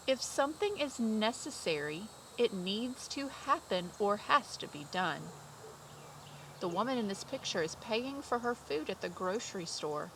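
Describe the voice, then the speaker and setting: A young woman teaching a kindergarten class from home, drawing out each word in a sing-song way. The recording carries a steady hum of background noise. Her voice sits in an ordinary middle range. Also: medium pitch. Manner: slow, clear, sing-song teacher talk with drawn-out words. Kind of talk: remote vocabulary lesson for young children.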